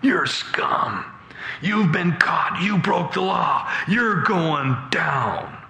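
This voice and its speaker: A cruel, taunting bailiff , put on by a man telling a story from the pulpit, spits out mocking threats. The voice is sharp and bright, ringing in an echoey room. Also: medium pitch, big pitch swings, a little slow. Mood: sneering.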